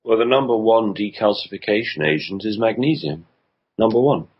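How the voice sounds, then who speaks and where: A man's voice: fairly low pitch, animated, moderate pace, slightly rough, muffled recording. A male health consultant answering interview questions on the radio, explaining in a hesitant way with frequent ums and restarts.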